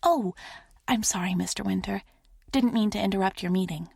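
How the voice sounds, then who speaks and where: A woman narrator voicing a chirpy young female receptionist with a high, sing-songy delivery. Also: normal speed, gravelly, darkish tone, breathy edge, dry recording, clean studio sound.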